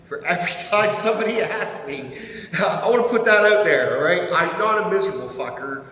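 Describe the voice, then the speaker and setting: A man in his fifties with an American accent tells stories as a podcast guest, animated and profane, laughing often. His voice is bright and forceful. It rings in a roomy space with a long reverb tail. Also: high voice, fairly quick. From United States. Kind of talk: casual storytelling. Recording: echoey room.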